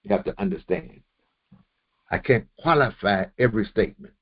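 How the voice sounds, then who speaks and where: A man teaching a verse-by-verse Quran commentary lesson, explaining slowly with repetitions and quoted Arabic terms. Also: fairly low pitch, expressive. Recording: dull lo-fi recording.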